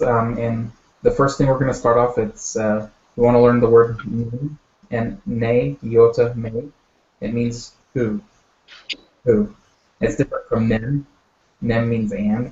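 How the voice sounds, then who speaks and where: A man's voice: medium pitch, a little mellow. Patient man teaching in an echoey room. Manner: patient, step-by-step explaining with many fillers. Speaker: language teacher. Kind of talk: online language lesson. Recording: echoey, dull audio.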